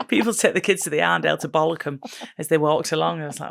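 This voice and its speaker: A woman's voice: low-pitched, animated, brisk, creaky, pauses often. A woman co-hosting a podcast in casual chat, bantering and teasing her co-host and laughing easily.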